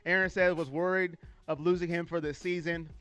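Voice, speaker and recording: Bright, high-voiced excitable man hosting a stream. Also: fairly quick, clear, resonant tone, dry recording, faint music behind. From California. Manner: excitable, emotional, laughs easily, greets viewers. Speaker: sports fan livestream host. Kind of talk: casual livestream talk reading chat comments.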